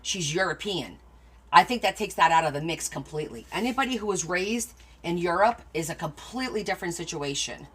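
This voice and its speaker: A woman's voice: on the low side, lively intonation, brisk, a bit bright, husky. Chatty middle-aged woman hosting a livestream. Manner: chatty storyteller answering viewer comments. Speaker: crafting livestream host. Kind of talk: casual chat with live viewers.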